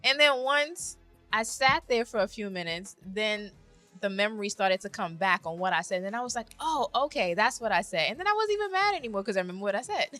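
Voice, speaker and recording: A woman co-hosting a casual podcast chat, telling stories in a lively way and acting out what people said. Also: medium pitch, quick pace, faint music behind. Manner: animated storytelling, acts out quotes. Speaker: podcast co-host.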